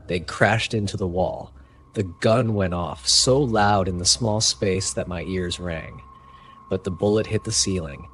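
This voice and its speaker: Deep-voiced man narrating horror. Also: slight background noise. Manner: grave, measured storytelling. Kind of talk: scripted first-person horror narration.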